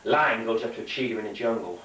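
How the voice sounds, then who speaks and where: Man telling a string of jokes, mid pitch, distant and roomy. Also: quick pace, a bit bright. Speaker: stand-up comedian. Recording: echoey room, from far off.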